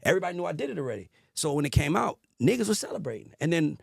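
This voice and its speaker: A man telling stories as a podcast guest in a casual, animated way, acting out the voices he quotes and swearing freely. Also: fairly high pitch, rapid-fire, gravelly, no room sound, clean studio sound. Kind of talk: casual storytelling.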